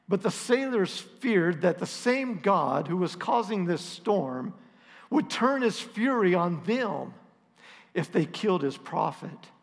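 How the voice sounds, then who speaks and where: A middle-aged male pastor with a slightly high voice tells a story in a relaxed, self-deprecating way. His voice rings out in a church hall with a long, trailing reverb. He talks easily, as if chatting with his people. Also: creaky. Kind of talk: storytelling sermon.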